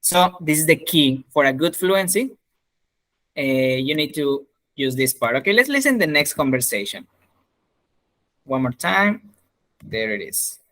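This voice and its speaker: A man leads an English speaking class over a video call, animated and encouraging. He laughs often. His voice is slightly high, with a bright, forceful tone. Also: a little slow, long pauses. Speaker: English teacher.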